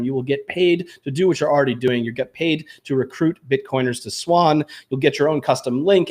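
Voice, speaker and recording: A man's voice: mid-range voice, a little mellow. A man hosting a podcast, upbeat and jokey, poking fun at himself. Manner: upbeat, jokey, self-deprecating. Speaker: podcast host. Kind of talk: enthusiastic show intro and casual chat.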